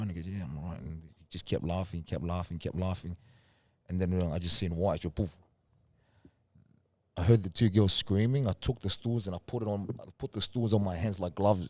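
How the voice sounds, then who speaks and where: Young man from New Zealand, interview guest, soft-spoken, low warm voice. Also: fairly quick, dry recording. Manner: soft-spoken, relaxed storyteller. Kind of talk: casual storytelling.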